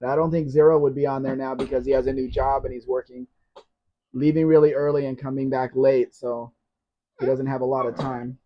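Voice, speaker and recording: A man's voice: medium pitch, level tone, brisk, a little hiss or hum. Guy hosting a live q&a stream, reads chat comments, dry jokey chatty tone, dull lo-fi sound. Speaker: host.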